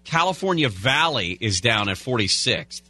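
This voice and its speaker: Bright-voiced male talk radio host. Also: medium pitch, sing-song, normal speed, no echo. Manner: casual, rambling asides between headlines. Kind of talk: talk radio chat and news rundown. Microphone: studio broadcast mic.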